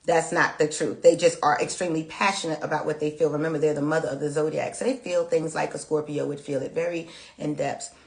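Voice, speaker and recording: A woman's voice: low-pitched, level tone, quick pace, gravelly, echoey room. A woman giving a live tarot reading. She answers viewers' chat in an emotional, prayerful, chatty way. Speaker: tarot reader.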